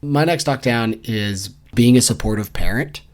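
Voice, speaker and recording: A man's voice: mid-range voice, moderate pace, a little mellow. A man co-hosting a casual book club podcast, joking sarcastically and acting out characters in mocking voices. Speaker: podcast co-host.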